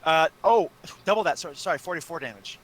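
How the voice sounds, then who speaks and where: A man playing a tabletop game, eager and excitable, tripping over his words as he speaks. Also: a little high, fast, no echo. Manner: eager, stumbling restarts, excitable. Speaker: player. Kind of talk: casual play at the table.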